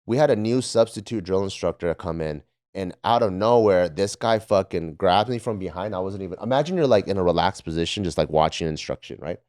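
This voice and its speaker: A man's voice: low-pitched, lively intonation, brisk, few pauses, darkish tone. A man on a podcast casually telling profane stories about military training, often laughing and acting out drill instructors. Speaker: podcast panelist, former Marine. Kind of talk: casual storytelling.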